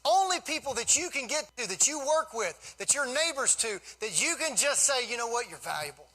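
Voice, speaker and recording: High, bright-voiced storytelling man. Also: moderate pace, rough recording. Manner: folksy, animated storyteller. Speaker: guest motivational speaker. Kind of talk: storytelling speech to a live audience.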